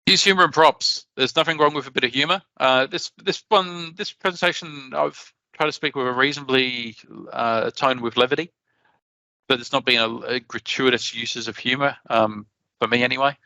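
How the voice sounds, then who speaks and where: An Australian man giving a conference talk in a chatty, animated way, often restarting his sentences. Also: medium pitch, moderate pace, dry recording. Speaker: conference presenter.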